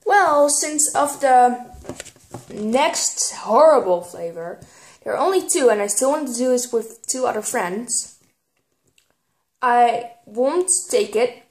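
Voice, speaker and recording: A teenage girl, filming a casual vlog and getting excitable, squealing when something pleases her. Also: fairly high pitch, takes it slowly. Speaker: vlogger. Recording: echoey room.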